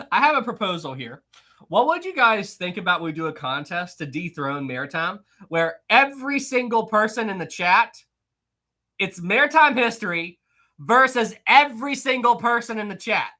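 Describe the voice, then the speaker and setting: A man's voice: high voice, very animated, normal speed, bright, forceful tone. A young man hosting a live history quiz stream, reading chat aloud, teasing viewers and laughing often.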